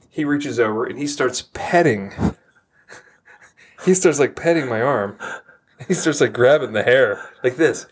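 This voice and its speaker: A man telling a funny story in a casual chat, animated and laughing as he talks. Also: medium pitch, husky. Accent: Texan.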